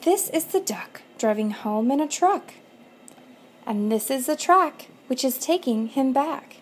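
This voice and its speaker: A woman volunteer reading a rhyming picture book aloud, slow, rhythmic and expressive. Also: high-pitched, a little hiss or hum. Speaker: volunteer reader.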